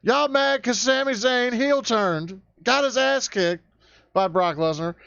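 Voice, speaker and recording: A man rants crudely and sarcastically in a high voice with a gravelly, fried edge. The sound is dry and dull, like a lo-fi recording. His delivery is fired up and full of mockery. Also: measured pace, fairly bright tone, dry recording. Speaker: vlog host ranting. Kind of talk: profane rant vlog.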